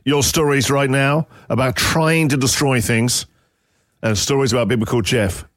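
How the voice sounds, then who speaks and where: A man with an English accent hosting a radio phone-in show, telling an animated story and chatting with callers. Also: medium pitch, moderate pace. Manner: animated anecdote teller, acts out quotes. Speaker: radio breakfast show host. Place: radio studio. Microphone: studio mic.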